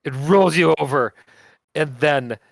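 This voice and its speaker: A man's voice: on the high side, measured pace, creaky, no room sound. A man running a tabletop game as game master, narrating and laughing often.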